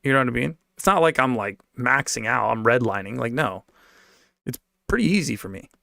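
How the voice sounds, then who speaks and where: A man's voice: medium pitch, animated, fairly quick, gravelly, bright, forceful tone, no room sound, clean studio sound. A young man streaming and venting about his old job in a rambling, profane, slang-heavy way while reading donations. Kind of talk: casual rant.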